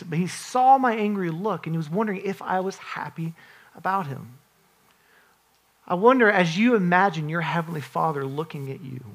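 A man's voice: a little high, fairly bright tone. Man preaching an earnest conversational sermon. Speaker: pastor.

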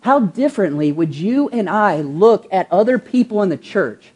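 A woman's voice: mid-range voice, expressive, normal speed, darkish tone, breathy edge. A woman pastor preaching a sermon, asking the congregation rhetorical questions, drawing out key words and acting out everyday quotes. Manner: acts out quoted voices in an everyday tone.

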